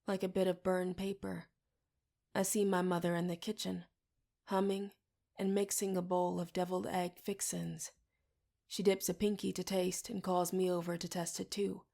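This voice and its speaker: A woman reading a first-person audiobook in a steady, intimate way. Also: fairly low pitch, creaky. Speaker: audiobook reader.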